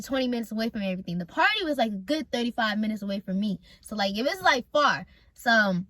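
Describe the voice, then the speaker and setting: A young woman from North Carolina tells a personal story to her viewers in casual, animated chat, swearing often and swinging between loud anger and quiet mumbling. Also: fairly high pitch, no echo. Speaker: vlogger telling a story.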